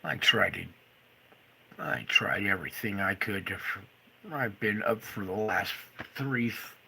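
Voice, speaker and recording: A man ranting furiously to camera, swearing and swinging between loud outbursts and low muttering. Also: measured pace, gravelly, a little hiss or hum. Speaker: video creator. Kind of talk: angry monologue to camera.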